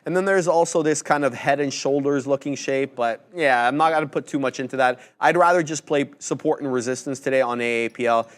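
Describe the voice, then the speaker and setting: A man co-hosting a live trading show, explaining price levels and trades in a relaxed, plain way. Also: mid-range voice, brisk, few pauses. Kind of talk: live market commentary.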